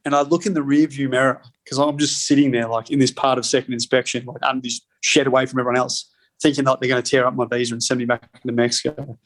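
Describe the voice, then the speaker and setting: Man, podcast guest, loose anecdotal storytelling, profane, mid pitch. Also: flat delivery, fast. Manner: rambling, heavy swearing, laughs between lines. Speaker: podcast guest, spirits company co-founder. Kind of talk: casual storytelling.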